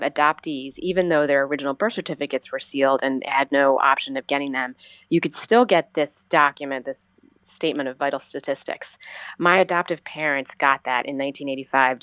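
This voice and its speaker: A woman in her forties telling her personal story as an interview guest, earnest and halting, often restarting her sentences. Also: deep voice, a bit bright, no room sound. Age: 40s.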